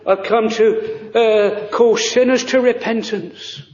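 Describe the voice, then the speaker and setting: A man preaching a sermon in earnest, halting speech, with many fillers and old-fashioned phrasing. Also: sits high, steady tone, darkish tone, echoey room, muffled recording.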